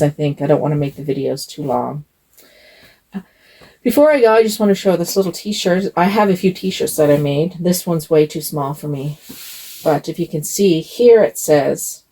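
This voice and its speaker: Gravelly older woman chatting gently. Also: deep voice, poor audio. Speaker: doll channel host. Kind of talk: casual talk to camera.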